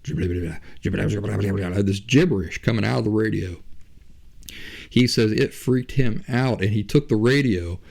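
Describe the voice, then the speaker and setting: A podcast host tells a story in a loose, chatty, conversational way. His voice is fairly low, slow, and gravelly, with a darkish tone.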